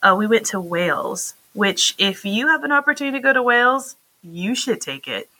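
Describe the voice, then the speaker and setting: A woman in her thirties co-hosting a podcast, telling a travel story with lively, laughing enthusiasm. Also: moderate pace, poor audio. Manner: animated, laughing storyteller with lively jumps in pitch. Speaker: podcast co-host. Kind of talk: casual chat.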